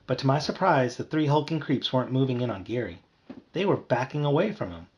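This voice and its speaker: A man reading a children's book aloud in a lively storytelling manner. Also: a little fast, muffled recording. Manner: lively, voices characters with higher shouts. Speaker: audiobook reader.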